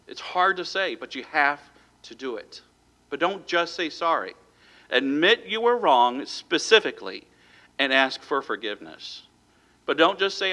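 A man's voice: on the high side, expressive, normal speed, bright, forceful tone. A man preaching a sermon as pastor, talking plainly and acting out quoted voices as he goes.

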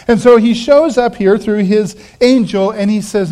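A man preaching a sermon as a pastor, animated and acting out the quoted voices, dropping to quiet asides. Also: high-pitched, moderate pace, few pauses.

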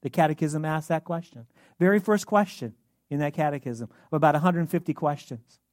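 A man's voice: fairly high pitch, a little fast, a little mellow, no echo, clean studio sound. A man preaching a sermon as pastor, earnest and asking rhetorical questions.

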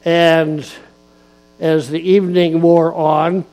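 A man preaching a sermon in a church, speaking slowly and emphatically and repeating key phrases. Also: on the high side, little pitch movement, a little mellow. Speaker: guest preacher, district church official. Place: church sanctuary.

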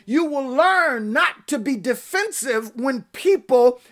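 A woman's voice: high voice, expressive, takes it slowly. A woman preacher delivering a fervent sermon, calling out to her congregation by name and rising to emphatic peaks.

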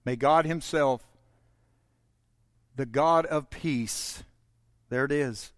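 A man preaching a sermon, folksy and direct with his congregation, swinging between loud proclaiming and hushed, intimate stretches. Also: mid-range voice, takes it slowly, no echo, clean studio sound. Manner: folksy, talks straight to the congregation. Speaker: pastor.

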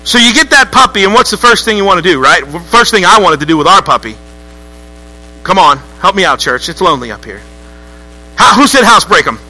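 A man preaching a lively, joking sermon to a church congregation. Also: high-pitched, brisk, poor audio. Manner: lively, joking, acts out voices with rising outbursts. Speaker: pastor.

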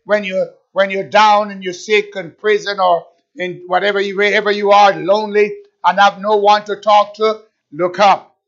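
A man's voice: high-pitched, little pitch movement, moderate pace, a bit bright. A man preaching a fervent sermon, repeating himself and firing rhetorical questions at his listeners. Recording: dull lo-fi recording.

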